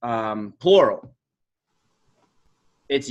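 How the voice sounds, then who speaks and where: A man's voice: fairly high pitch, unhurried, fairly bright tone. A man from the Pittsburgh area, a guest in a casual, tipsy chat, talking hesitantly with wry remarks. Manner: hesitant, many fillers and restarts, wry.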